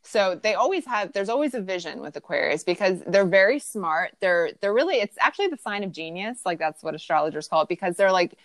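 A woman's voice: mid-range voice, sing-song, a little fast, hardly any pauses, no echo. A woman chatting casually about astrology, rambling with lots of fillers. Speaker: podcast co-host explaining astrology. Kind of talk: casual chat.

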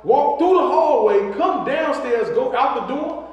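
A high-voiced man tells family stories in a loose, profane chat and acts out the other people's lines as he talks. He sits far from the mic in a very echoey room with a long reverb tail. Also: unhurried, muffled recording. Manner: profane, animated storyteller acting out quotes. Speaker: podcast co-host. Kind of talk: casual storytelling chat.

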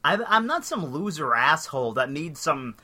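A young man co-hosting a comedy podcast, trading crude, profane banter. His voice is a touch high and strikingly bright and sharp. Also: big pitch swings, moderate pace. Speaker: podcast co-host. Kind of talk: casual comedy chat.

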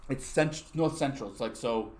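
A man's voice: medium pitch, normal speed. A man from upstate New York co-hosting a podcast, swearing freely and ranting in casual banter. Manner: profane, ranting, animated. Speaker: podcast co-host.

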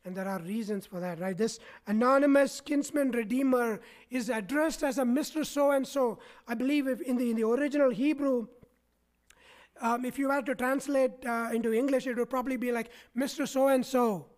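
A man's voice: very high voice, brisk. Guy preaching a sermon at church, keeps asking the room "right?". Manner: asks the congregation frequent "right?" tags.

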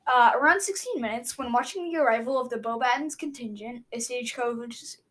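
A chatty woman in a casual talk, retelling events with lots of fillers and restarts. Her voice sits a bit high. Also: a little fast, fairly bright tone, poor audio. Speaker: co-host recapping a book. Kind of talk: casual chat.

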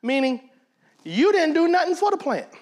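A man's voice: very high voice, very animated, moderate pace, a little mellow. A man teaching a Bible study in a conversational preaching manner. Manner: conversational, acts out quoted voices.

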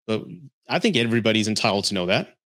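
A man's voice: on the low side, sing-song, fast, fairly bright tone. A man hosting a podcast, giving blunt, candid relationship advice in a casual chat while reading viewer comments. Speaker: podcast host.

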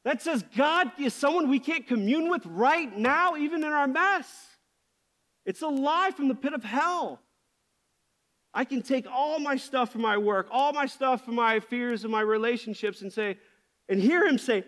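A man's voice: very high-pitched, unhurried, a bit bright. A man preaching a sermon as pastor, speaking with passion and candor. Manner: passionate, candid.

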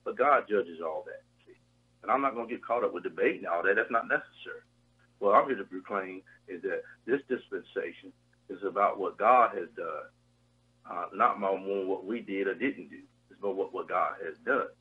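A man's voice: deep voice, moderate pace, husky. A man praying and preaching on a radio program, emphatic and rhythmic, repeating phrases and calling out hallelujah. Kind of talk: fervent prayer and preaching. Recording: tinny phone line.

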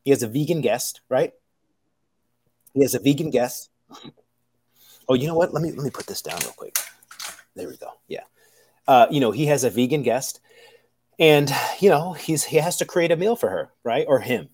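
A man who works as a professional chef, talking casually to camera in an animated, rambling way, full of fillers, restarts and swearing. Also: mid-range voice, normal speed, pauses often, husky. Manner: acts out kitchen dialogue in quoted voices.

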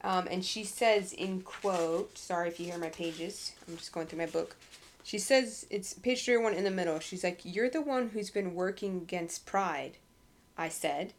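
A woman's voice: fairly low pitch, moderate pace, a little hiss or hum. A woman co-hosting a podcast about a book, chatting casually and reading passages aloud. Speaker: podcast co-host. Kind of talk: casual book-club chat.

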